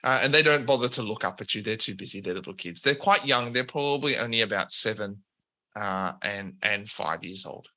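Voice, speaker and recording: A man's voice: on the low side, animated, brisk, sharp tone. A man narrating a tabletop role-playing game as game master, rambling with many fillers.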